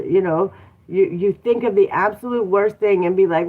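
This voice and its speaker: A woman's voice: medium pitch, moderate pace. A woman hosting a casual motivational talk, encouraging listeners and asking them rhetorical questions. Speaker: host. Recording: tinny phone-like sound.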